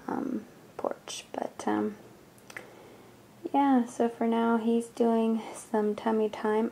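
Woman vlogger, mid-pitched, slow relaxed delivery, soft casual mom-chat. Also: a little hiss or hum. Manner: soft, gentle, chatty, speaking as a mom. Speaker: doll roleplay vlogger. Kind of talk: casual narrated roleplay vlog. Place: at home indoors.

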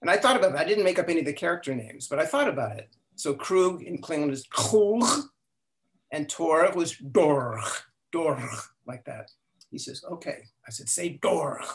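An older man telling stories as an interview guest. He talks in an animated way, acts out the quotes and often restarts his sentences. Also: fairly high pitch, normal speed. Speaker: guest, language inventor. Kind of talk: storytelling interview.

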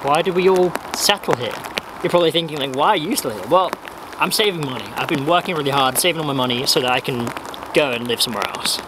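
Youngish guy rambling to camera at his desk, kinda high voice, faint room hum behind. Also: quick pace, a crowd in the background. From Wales. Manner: chatty, meandering, wry, laughs at himself. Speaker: vlogger. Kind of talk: casual rambling vlog.

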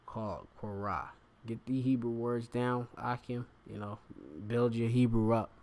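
A man's voice: medium pitch, steady tone, a little slow, a little mellow. A man giving an informal scripture lesson, reading verses aloud and stopping often to explain words, with many fillers. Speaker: bible teacher.

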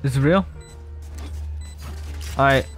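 A man streaming a shooter game, chatting casually and excitably, swearing and joking about his own play, close on his mic. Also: mid-range voice, slow, faint music behind. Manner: casual, profane, excitable, self-deprecating. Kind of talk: live gameplay commentary. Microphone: close desk mic with popping plosives.

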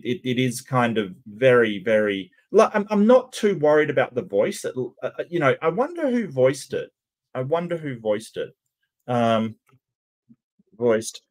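A man hosting a channel, giving casual reaction commentary in a hesitant way, with lots of stammered restarts and ums. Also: mid-range voice. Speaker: channel host reacting to cartoon clips.

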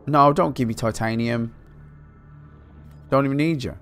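A man from Britain giving excitable, swear-heavy let's play commentary, talking to himself as he plays. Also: medium pitch, measured pace, soft background music. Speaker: gaming channel host.

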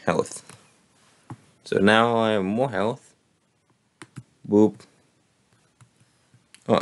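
A man hosting a gaming video, casually commenting on his play, his voice a bit hoarse. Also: on the low side. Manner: relaxed, thinking aloud while playing. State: slightly hoarse.

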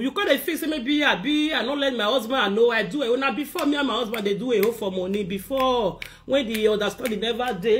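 A woman with a Nigerian Pidgin accent, delivering an animated, scolding rant to the camera as a vlogger. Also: a little high. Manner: scolding, animated, acts out others' words. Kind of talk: ranting monologue to camera.

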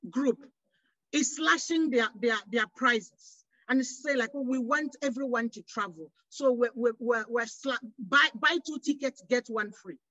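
Impassioned high-pitched woman from West Africa. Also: a bit bright, no room sound, highs cut off. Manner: impassioned, rhetorical questions, frequent restarts. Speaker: panelist. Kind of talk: panel discussion.

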